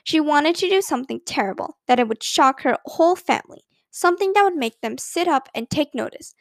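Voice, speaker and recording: A woman narrating a children's story in an expressive reading voice. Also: high-pitched, brisk, no room sound, studio quality. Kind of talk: scripted narration.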